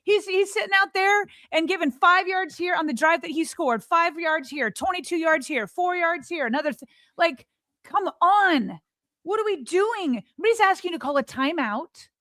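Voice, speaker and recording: A woman's voice: extremely high pitch, lively intonation, moderate pace, a bit bright, no echo, clean studio sound. A woman co-hosting a sports podcast, arguing emphatically and firing off rhetorical questions in exasperation. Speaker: podcast co-host. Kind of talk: heated sports podcast argument.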